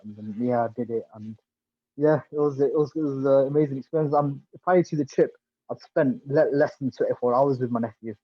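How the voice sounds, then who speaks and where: Man, podcast guest, halting speech with fillers, dry sound, mid pitch. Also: slightly rough, no echo, lo-fi sound. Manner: halting, many restarts and fillers. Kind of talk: casual interview chat.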